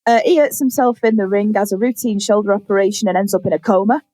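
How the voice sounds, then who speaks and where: A young woman on a podcast, casually telling a story with lively acted-out quotes and plenty of swearing. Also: medium pitch, quick pace, no echo. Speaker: podcast co-host. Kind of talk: casual chat.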